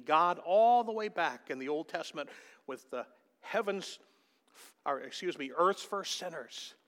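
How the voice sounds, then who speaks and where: A man's voice: on the high side, a bit bright. Emphatic male pastor, preaching in reverb. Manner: emphatic preaching with calls to the congregation. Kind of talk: sermon. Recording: long hall reverb.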